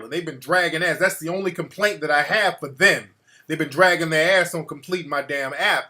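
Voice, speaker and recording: Loose, profane radio talk host. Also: male voice, fairly high pitch, brisk, sharp tone. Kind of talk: casual call-in talk.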